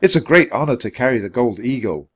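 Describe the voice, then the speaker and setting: A man's voice: mid-range voice, lively intonation, a little fast, close to an everyday voice. A man reading a storybook aloud, voicing a curious, bookish young boy who explains things matter-of-factly. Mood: explaining.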